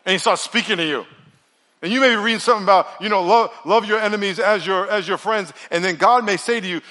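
A middle-aged male pastor preaching a sermon in an energetic, joking way, leading the crowd in call-and-response. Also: high-pitched, quick pace. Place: large church auditorium. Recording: long reverb of a large church hall.

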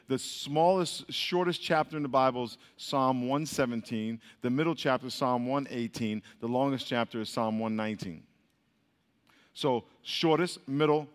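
A man preaching to a congregation in call-and-response style, repeating his questions, drilling the crowd and laughing often. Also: mid-range voice. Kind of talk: call-and-response Bible teaching. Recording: long hall reverb.

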